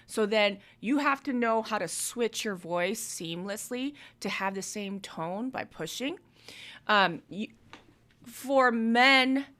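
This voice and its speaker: Bright, clear-voiced woman giving vocal coaching. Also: medium pitch. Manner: coaching, talks through technical vocal notes. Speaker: music review host and vocal coach. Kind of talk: live-stream feedback on submitted songs.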